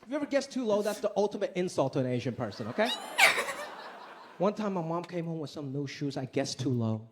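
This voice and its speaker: A man's slightly high voice moves briskly through a stand-up comedy set in a club, where he tells animated stories with a punchy delivery. The live recording, with laughing audience, is very noisy.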